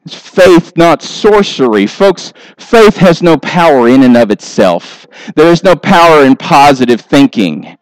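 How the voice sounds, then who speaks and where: A pastor preaching a sermon with animated delivery, briefly acting out the voices of people he describes. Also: a little high, measured pace, hardly any pauses, no echo, low-quality recording.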